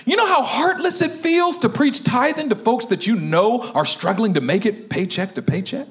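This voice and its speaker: A man pastor preaching a humorous sermon, laughing often and telling the story with lively acted-out voices. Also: extremely high pitch, moderate pace.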